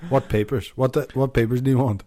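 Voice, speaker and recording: A man's voice: mid-range voice, steady tone, quick pace, mellow, no room sound, studio quality. An Irish man co-hosting a podcast, blunt and sarcastic in casual banter. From Ireland. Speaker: podcast co-host.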